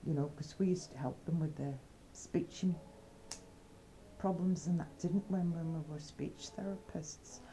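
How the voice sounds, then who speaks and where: A woman's voice: lowish voice, a little slow, warm tone, a little hiss or hum, rough recording. An Australian woman chatting in a rambling, cheeky way and brainstorming bawdy comedy skits. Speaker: comedy skit presenter. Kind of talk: casual comedic chat.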